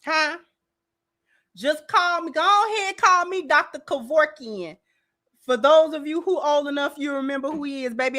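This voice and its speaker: Bright, high-voiced sassy woman commentator. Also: moderate pace. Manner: sassy, emphatic, calls listeners baby. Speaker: commentary channel host. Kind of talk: opinionated reaction commentary.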